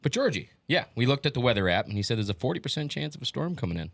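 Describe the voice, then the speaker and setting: A man co-hosting a podcast, telling stories and jokes in a deadpan way during casual chat. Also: mid-range voice, racing, gravelly, dry recording. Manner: deadpan joking storyteller. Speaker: podcast co-host.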